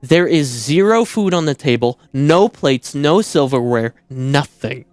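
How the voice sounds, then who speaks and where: A male streamer tells a story in an incredulous, animated rant, his pitch leaping all over the place. The sound is dry and close. Faint music plays underneath. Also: measured pace, dry recording. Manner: animated, incredulous, swears a lot. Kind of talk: casual ranting story.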